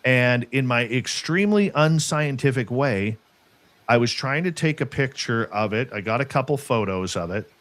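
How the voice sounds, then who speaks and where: A man's voice: medium pitch, normal speed. A middle-aged man casually telling a story about an encounter, acting out the voices of the people in it. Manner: animated, acts out quoted voices.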